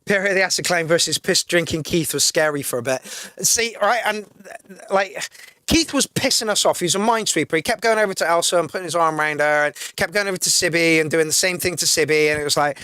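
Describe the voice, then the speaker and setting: A man's voice: a little high, fairly quick, bright, forceful tone, clean tone, dry recording. A man hosting a casual live music-review stream, reading out chat comments and swearing freely as he rants. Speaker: livestream music review host.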